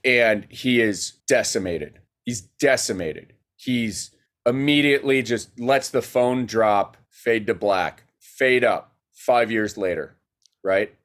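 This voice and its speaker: A man, a guest filmmaker, telling a story in a casual podcast chat, animated and rapid with many fillers. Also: mid-range voice.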